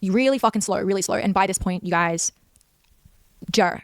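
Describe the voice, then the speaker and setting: A woman's voice: mid-range voice, normal speed, dry recording. A young woman giving an intense, emotional personal account with heavy swearing. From Australia. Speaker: creator telling her story in a clip.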